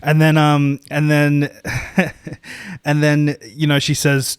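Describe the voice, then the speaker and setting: Male podcast co-host, slightly high voice, dry close mic, rambling profane storyteller. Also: level tone, measured pace, smooth, dry recording. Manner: rambling, profane, self-deprecating, many restarts. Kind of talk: casual storytelling chat.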